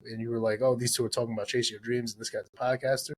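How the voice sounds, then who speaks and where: A man's voice: medium pitch, flat delivery, racing. A man hosting a podcast, talking casually and giving emphatic advice that he likes to repeat. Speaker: podcast host.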